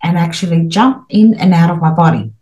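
A woman's voice: fairly low pitch, animated, brisk, darkish tone, rough recording. A middle-aged woman as an interview guest, talking earnestly and at length, with many restarts and fillers. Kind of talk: interview, spiritual experiences.

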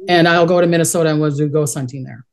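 A middle-aged woman talks in a low register, her stories rambling and chatty. She restarts sentences often and keeps a casual interview tone. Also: steady tone, fast. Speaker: guest, psychic medium.

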